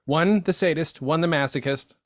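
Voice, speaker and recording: A man's voice: on the high side, normal speed, no room sound. A man from upstate New York co-hosting a comedy podcast, trading dry, self-mocking jokes in casual banter. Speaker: podcast co-host. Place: home, livestream.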